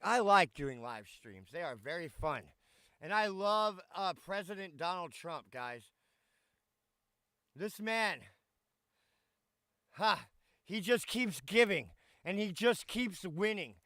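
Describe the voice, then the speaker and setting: A man's voice: high-pitched, lively intonation, slow, pauses often, sharp tone, no echo, clean studio sound. A man hosting a casual live stream, swearing freely, greeting his chat by name and griping at tech trouble. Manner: brash, swearing, talks to chat; irritated, muttering while fixing stream.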